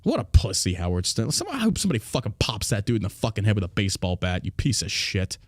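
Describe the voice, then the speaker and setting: Profane, heated podcast host. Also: male voice, fairly low pitch, huge pitch swings, fast talker, no echo. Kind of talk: ranting political podcast commentary.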